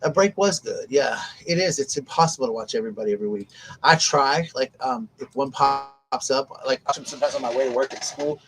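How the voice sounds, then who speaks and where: A man's voice: mid-range voice, fairly quick, faint music behind, rough recording. A man chatting casually on a home live stream, rambling and often interrupting himself.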